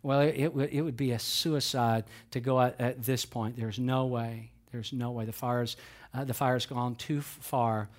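A man voicing a male fire chief who gently stammers out bad news in a sermon story. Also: medium pitch, fairly even intonation, moderate pace, lightly acted. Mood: regretful. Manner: stammering, compassionate.

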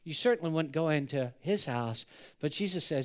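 High-voiced man preaching a sermon. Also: moderate pace, clear, resonant tone. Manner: animated preaching, rising loud for emphasis and dropping to a hush; acts out the people in the story in quoted voices. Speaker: pastor.

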